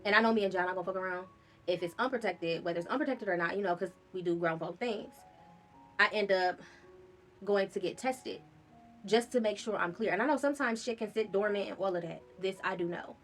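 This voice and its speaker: Brief: woman vlogger, candid first-person storytelling, frank and loose, average pitch. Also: fairly quick, soft background music. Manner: candid, casual, swears freely.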